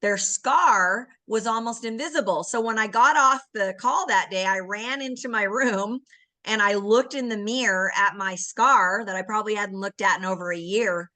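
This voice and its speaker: Woman, bright voice, earnest, emotional, personal testimonial, video call. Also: mid-range voice, moderate pace. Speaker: guest giving a testimonial.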